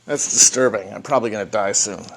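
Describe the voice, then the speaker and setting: A man's voice: fairly low pitch, fast, gravelly, fairly bright tone. A man hosting a casual solo livestream from home, rambling and swearing, breathing heavily into a phone mic. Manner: rambling, profane and self-deprecating. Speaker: podcast host. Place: at home, alone.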